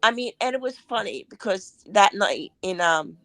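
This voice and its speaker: A woman's voice: mid-range voice, animated, moderate pace, a bit bright, no echo. A woman guest chats casually on a podcast and tells anecdotes, acting out what people said. The recording is dry, with no room sound. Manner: anecdotal storytelling, acts out quotes. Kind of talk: casual chat.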